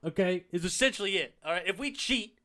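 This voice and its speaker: A man hosting a casual sports talk show, animated and reacting to a rival's clip. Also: sits high, quick pace. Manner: animated, swings from heated to sheepish. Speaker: sports talk channel host.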